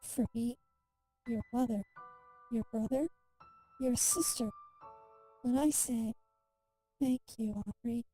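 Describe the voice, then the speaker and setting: A gentle, soft-spoken man who never raises his voice, as a woman reads him in her own mellow tone. The sound is warm and dark, with faint music behind. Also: a little high, fairly even intonation, slow pace, long pauses. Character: quiet, gentle immortal man.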